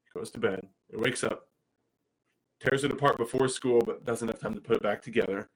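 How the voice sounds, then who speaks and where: A man, telling personal stories as a father in an animated way, with frequent restarts. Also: mid-range voice, brisk, husky, poor audio. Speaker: speaker and father. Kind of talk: personal storytelling talk.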